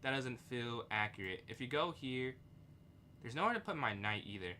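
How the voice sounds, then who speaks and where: Young male streamer talking through live chess games, bright tone, quick outbursts, faint typing behind. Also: medium pitch, slight background noise. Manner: thinks aloud, reads chat, excitable outbursts.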